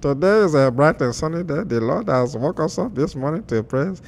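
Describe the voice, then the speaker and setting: Older Nigerian-accented pastor, jovial and booming, done by a man; lively and preachy. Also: fairly quick, gravelly, a little hiss or hum. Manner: booming, preachy, teasing questions.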